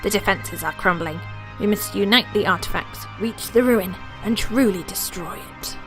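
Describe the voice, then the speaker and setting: A woman's voice: mid-range voice, normal speed, over music, lightly acted. A woman voicing an elderly retired protector, reading game dialogue with grave storytelling and calling the listener dear. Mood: solemn.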